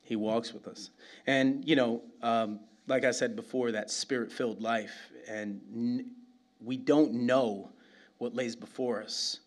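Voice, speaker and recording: A man's voice: medium pitch, measured pace. A middle-aged man from New York City, preaching a sermon full of humorous stories, laughing often and asking "right?" again and again. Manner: animated, laughs often, asks "right?" constantly. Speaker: pastor.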